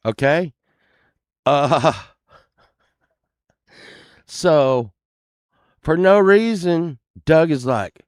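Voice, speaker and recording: A man's voice: on the high side, expressive, very slow, pauses often, smooth, no echo, clean studio sound. A man telling a story casually, rambling and cursing often, laughing at himself as he goes.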